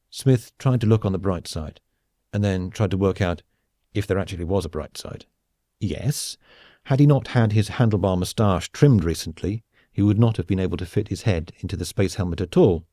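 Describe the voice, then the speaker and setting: A man reads a comic science-fiction audiobook in a measured, wry storytelling manner. His voice is low and mellow, recorded dry and close with no room sound. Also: no room sound. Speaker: audiobook narrator. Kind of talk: scripted narration.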